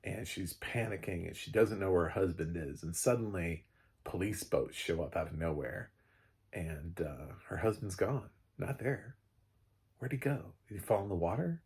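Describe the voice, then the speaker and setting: A man's voice: deep voice, moderate pace, a little mellow, breathy edge. A man reviewing a film in a casual, rambling, joking way, full of fillers and the odd swear word. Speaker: movie reviewer.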